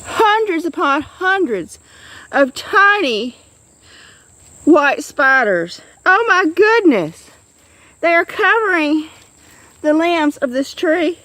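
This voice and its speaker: Excitable woman cooing outdoors. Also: sits high. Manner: excitable, coos at her kitten. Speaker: vlogger. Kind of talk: casual nature vlog. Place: outdoors in the woods.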